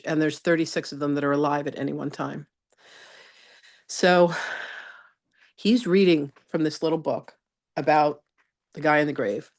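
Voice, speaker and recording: A middle-aged woman teaching a live spiritual masterclass, telling a personal story in a chatty, animated way and calling on students by name. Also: sits low.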